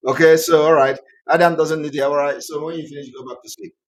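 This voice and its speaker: A man hosting an online channel, delivering emphatic, repetitive political commentary that rises to loud outbursts. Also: fairly high pitch, fairly even intonation, quick pace. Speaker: online TV host.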